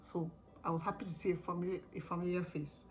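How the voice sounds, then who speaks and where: A young woman vlogger telling her own story in a casual, animated way, often laughing. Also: lowish voice, fast, soft background music, poor audio.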